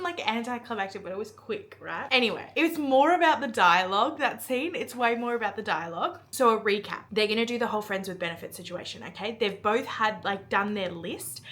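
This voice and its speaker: A young woman vlogging at home in a casual, chatty way, full of fillers and asides, dropping her voice when she quotes. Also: fairly high pitch. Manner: chatty, many fillers, hushed when quoting. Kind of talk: casual chat, retelling a book scene. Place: at home, in bed.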